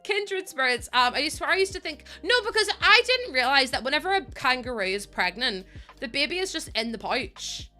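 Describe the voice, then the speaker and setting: A young Northern Irish woman with a bright, lively voice that sits a little high, rambling cheerfully to her viewers. She laughs easily and chats casually on a live stream while she builds, and faint music plays underneath. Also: a little fast. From Northern Ireland. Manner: chatty and rambling, laughs often, talks to viewers.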